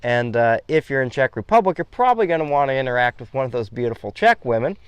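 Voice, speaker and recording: Guy in his 30s chatting loose and rambling, smooth voice, dry room. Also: mid-range voice, lively intonation, fast, no echo. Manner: chatty, rambling, offers travel tips. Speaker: host. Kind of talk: casual chat.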